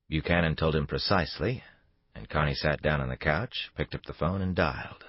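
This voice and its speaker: A man with a very low, husky voice narrates an audiobook thriller. His read is steady and even. The sound is dry and somewhat dull. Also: moderate pace, no echo. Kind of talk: scripted narration.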